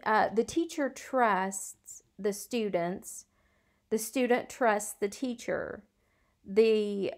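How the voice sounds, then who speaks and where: A middle-aged woman and former schoolteacher giving a recorded video lecture in an earnest, conversational way, with frequent ums and uhs. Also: mid-range voice. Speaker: college instructor, former schoolteacher.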